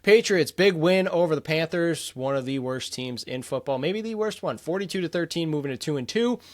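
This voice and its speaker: This is a young man co-hosting a sports talk show, speaking in a slightly higher register than most men. He is blunt and opinionated and reels off results with firm verdicts in a casual chat. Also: animated, fairly quick. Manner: opinionated, blunt, rattles off scores. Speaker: podcast co-host.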